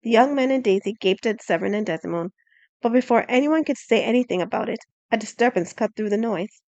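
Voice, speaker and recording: Soft-spoken woman narrating an audiobook. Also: on the high side, lively intonation, brisk, dry recording, muffled recording.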